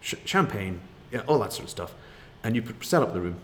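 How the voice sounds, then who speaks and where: A middle-aged man tells stories in a loose, rambling way, often laughing at his own punchlines. His voice sits a little low, with faint room sound behind him. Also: sing-song, fairly quick, a bit bright, a little hiss or hum. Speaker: guest. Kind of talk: casual anecdote.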